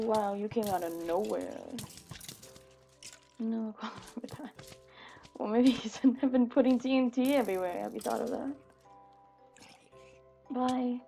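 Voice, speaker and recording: Giggly young woman with a gravelly voice. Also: fairly high pitch, takes it slowly, long pauses, mellow, faint music behind. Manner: giggly, exclaims and chatters to herself while playing. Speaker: gaming video creator. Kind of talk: casual gameplay commentary.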